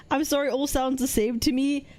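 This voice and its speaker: A woman's voice: sits high, a little mellow. A young woman from Wales, reacting on a live stream with blunt, sweary banter. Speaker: VTuber streamer.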